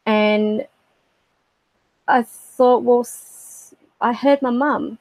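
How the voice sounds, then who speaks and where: A middle-aged woman telling a personal story on a livestream, halting and reflective with many fillers. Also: fairly high pitch, steady tone, a little mellow, no room sound, low-quality recording. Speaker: spiritual livestream host.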